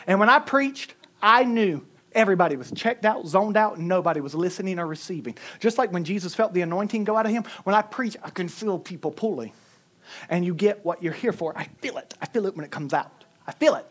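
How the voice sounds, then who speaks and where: Male preacher, animated and humorous, tells stories from the pulpit. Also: high-pitched, fairly quick. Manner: animated, humorous storytelling with chuckles. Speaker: pastor. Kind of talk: sermon.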